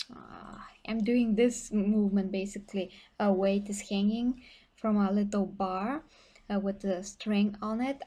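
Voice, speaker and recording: A young woman fitness vlogger chats casually with her livestream viewers about fitness, blunt and talkative, with plenty of fillers and restarts. Her voice is mid-range and warm.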